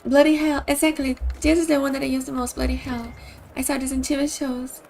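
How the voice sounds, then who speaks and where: High-voiced chatty woman streamer. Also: flat delivery, quick pace, creaky, a little mellow, slight background noise. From Brazil. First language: Portuguese. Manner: chatty, upbeat, giggly. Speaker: game streamer. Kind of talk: casual stream chat with game commentary.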